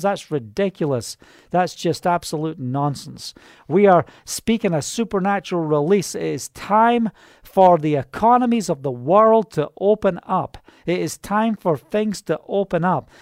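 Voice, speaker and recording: A man's voice: high-pitched, darkish tone, dry recording, studio quality. A man preaching and praying fervently, proclaiming and breaking into hallelujahs. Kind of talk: charismatic sermon and prayer. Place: Israel.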